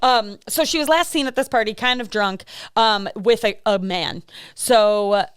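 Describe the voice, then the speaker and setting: In clean studio sound with no room noise, a woman with a slightly high, clean-toned voice speaks at an ordinary pace. She's a Midwestern co-host telling true-crime tales on a podcast, rambling and chatty with frequent laughter and fillers.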